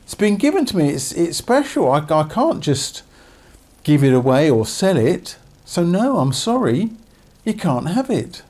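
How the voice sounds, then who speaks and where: A man's voice: on the high side, big pitch swings, unhurried, a little mellow, full character voice. A man voicing a humble vineyard owner who stammers apologetic refusals.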